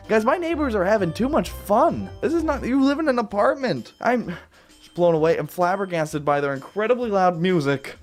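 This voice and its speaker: He's a gaming video host whose voice sits high and swings widely in pitch at a moderate pace. Playing a game at home in his apartment, he offers casual, jokey commentary with sudden playful jumps while a neighbor's music plays.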